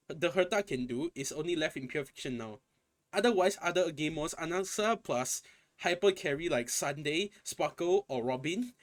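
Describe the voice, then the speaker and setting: A man's voice: a little high, fairly bright tone. A young man ranting in a casual gaming commentary, exasperated and profane, often repeating and restarting his phrases. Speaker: gaming content creator.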